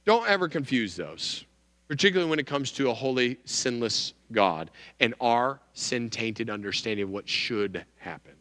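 A male pastor giving a sermon, emphatic, with wide swings in pitch and volume. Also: big pitch swings, normal speed, fairly bright tone, big-room sound.

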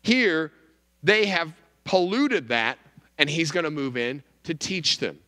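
Bright-voiced preacher in a reverberant hall. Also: male voice, expressive, slow. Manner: emphatic, wide swings in pitch and volume. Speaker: pastor. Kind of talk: sermon.

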